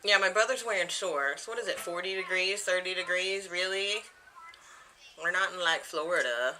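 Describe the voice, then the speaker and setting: A woman in her thirties sits at home and talks casually into her camera, wandering from one thing to the next and laughing often. Her voice is bright and sits a little low. A faint hiss runs under the camera mic. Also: moderate pace. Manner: rambling, chatty, laughs often. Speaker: vlogger. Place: home, indoors.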